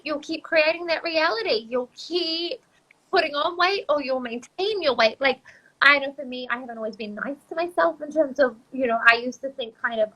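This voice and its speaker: A woman's voice: high-pitched, sharp tone, muffled recording. A woman hosting a casual interview, eager and agreeable as she shares her own view. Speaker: host, nutritionist.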